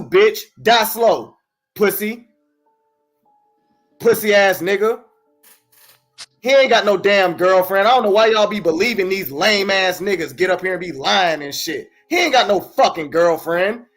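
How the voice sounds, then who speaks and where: Loud high-voiced man yelling taunts. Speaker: livestream host. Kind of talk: heated trash talk on a live stream.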